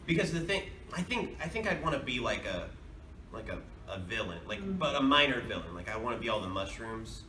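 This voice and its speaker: A man's voice: fairly low pitch, big pitch swings, a little fast. A man, a voice actor, answering fan questions at a convention panel in a rambling, chatty way with frequent laughs. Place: large convention hall. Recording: echoey hall, distant mic, noisy.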